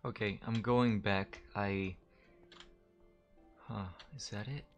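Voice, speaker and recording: Slow, gravelly gamer guy. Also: fairly low pitch, steady tone, over music. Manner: chatty, self-mocking, swears when startled. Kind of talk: casual let's play commentary. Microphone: desk mic, gamer wearing headphones.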